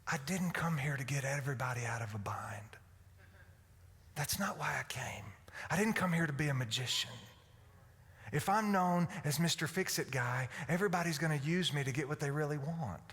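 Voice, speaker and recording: A man voicing a calm, firm young man gently correcting his mother, soft and partly whispered. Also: a little high, brisk, pitched below the performer's own voice. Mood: earnest. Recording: echoey hall reverb.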